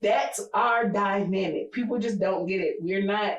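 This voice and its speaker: A woman's voice: medium pitch, measured pace, dull audio. Profane storytelling woman in an echoey room. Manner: blunt, profane storytelling, animated when quoting people. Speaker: podcast co-host. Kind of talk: casual chat.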